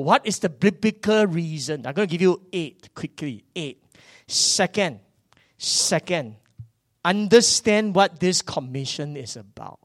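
A man, preaching a sermon that swings from loud bursts to hushed asides. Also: fairly high pitch, dry recording, studio quality. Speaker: pastor.

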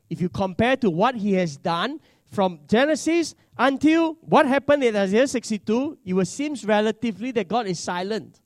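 Preacher, male, high voice, unhurried emphatic delivery, dry close sound. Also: dry recording. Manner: slow, emphatic scripture reading with dramatic pauses. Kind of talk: sermon.

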